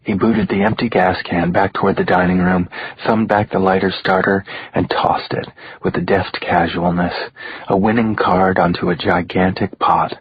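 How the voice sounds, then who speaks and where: A man narrating a crime thriller audiobook in a measured, dramatic reading. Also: low-pitched, little pitch movement, highs cut off, slight background noise.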